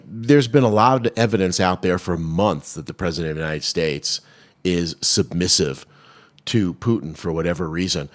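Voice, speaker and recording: A man co-hosting a political talk show, giving opinionated, wry commentary with many restarts. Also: deep voice. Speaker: co-host of a political radio show.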